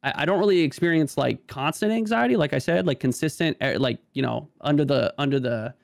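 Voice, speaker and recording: A man's voice: a little high, brisk, gravelly, no echo, clean studio sound. A man talking casually as a podcast guest, stammering and restarting often, with many "like" fillers. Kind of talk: casual conversation.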